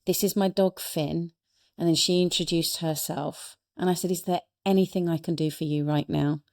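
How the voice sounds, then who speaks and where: A middle-aged woman with a fairly low voice tells a personal story on a podcast. She talks with earnest warmth and often restarts her sentences. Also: fairly even intonation, moderate pace. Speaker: guest, speaker and coach. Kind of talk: reflective storytelling in a podcast interview.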